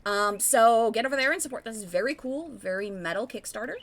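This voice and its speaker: A woman's voice: on the high side, brisk. A woman hosting a tabletop game stream, chatty and rambling as she reads announcements. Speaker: stream host.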